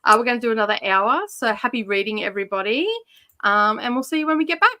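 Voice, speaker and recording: A woman's voice: on the high side, fast, bright, forceful tone. A woman with an Australian accent co-hosting a live stream, chatting casually and laughing often. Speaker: livestream co-host.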